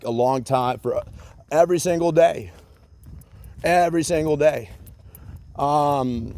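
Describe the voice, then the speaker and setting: A man's voice: medium pitch, a little mellow. A man in a rambling solo rant, agitated and profane, repeating himself with many fillers and bits of sarcasm.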